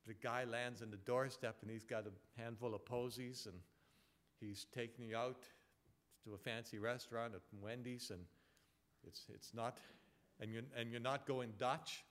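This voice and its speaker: A male pastor preaching a sermon, emphatic, repeating words and dropping from loud points to quiet asides. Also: medium pitch, steady tone, normal speed.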